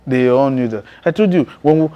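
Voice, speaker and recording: A man preaching his testimony in a mid-range voice, neither high nor low. He talks with intense emphasis and punctuates his story with frequent chuckles. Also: brisk, smooth, lo-fi sound. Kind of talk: testimony sermon.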